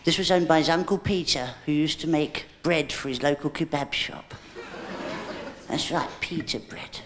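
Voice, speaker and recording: A male comedian doing live stand-up with an audience volunteer, teasing her with cheeky innuendo and squeaky, shrieking rises. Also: moderate pace. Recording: loud hiss on an old VHS tape recording.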